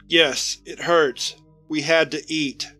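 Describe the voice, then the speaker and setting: A man reading the part of a starving, apologetic monster-man soldier, speaking slowly and softly in a begging tone. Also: on the high side, fairly even intonation, faint music behind, heavily acted. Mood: pleading. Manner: slow, soft, begging.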